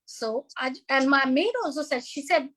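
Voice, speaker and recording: A woman's voice: high voice, moderate pace, rough recording. A woman, a guest animatedly retelling a painful family dispute over a video call. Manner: animated, vivid retelling of arguments. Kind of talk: emotional personal storytelling.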